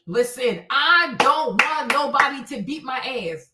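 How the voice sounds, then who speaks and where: High bright-voiced woman on a livestream, chatty and dramatic, echoey room, kinda far from the mic. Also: normal speed, hardly any pauses. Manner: animated, slangy storytelling with acted-out exclamations. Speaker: livestream host. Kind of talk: casual livestream chat. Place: home, in D.C.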